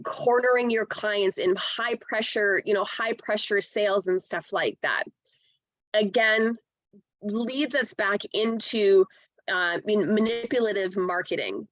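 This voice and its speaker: A woman's voice: mid-range voice, fairly bright tone, no room sound. A woman from Canada speaking bluntly and frankly in a casual podcast conversation, swearing freely and tagging on "right?".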